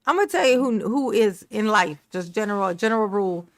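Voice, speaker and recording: A woman's voice: medium pitch, expressive, brisk. A woman making sarcastic reaction commentary, full of mocking, slangy asides. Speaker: commentary YouTuber.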